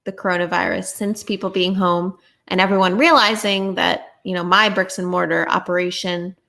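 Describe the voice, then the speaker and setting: A woman's voice: lowish voice, moderate pace, gravelly. A woman co-hosting a podcast, talking casually and thinking aloud. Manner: relaxed, short interjections, thinking aloud. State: sleepy, yawning. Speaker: podcast co-host. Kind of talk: casual chat.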